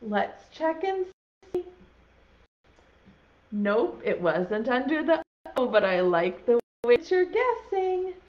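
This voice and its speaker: A young woman leads a preschool lesson in a high, bouncing voice that swoops up and down. She talks slowly, playful and full of encouragement. The sound is a little dull and lo-fi. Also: very animated. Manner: playful, encouraging, sing-song. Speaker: preschool teacher. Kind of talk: virtual preschool lesson for children.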